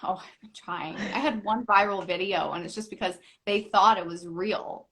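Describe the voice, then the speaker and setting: A young woman, an actress and comedian, chatting as a guest in a live interview, animated and playing out little quoted voices as she laughs. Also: medium pitch, normal speed. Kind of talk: lively live interview chat.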